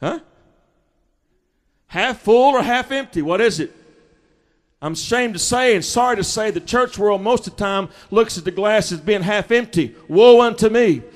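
A man preaching an impassioned sermon as pastor, calling out to the congregation and rising to shouts. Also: high voice, moderate pace.

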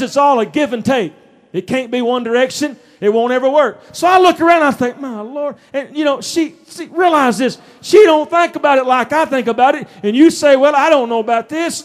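A middle-aged preacher with a strikingly high voice delivers a sermon from the church pulpit. He talks in a folksy, conversational way, then pushes into emphatic shouts. His colors every phrase. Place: church sanctuary.

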